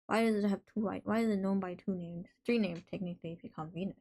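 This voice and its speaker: A woman's voice: medium pitch, steady tone, fast, a little mellow. A woman hosting a live stream in casual chat, reading out messages from viewers and reacting to them playfully. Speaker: livestream host.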